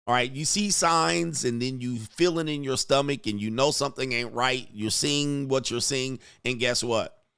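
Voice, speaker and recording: A man delivers reaction commentary in a blunt, crude way, speaking straight to his viewers. His voice sits at an ordinary middle pitch and is recorded dry and close, with no room sound. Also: moderate pace, creaky, fairly bright tone, clean tone, no echo.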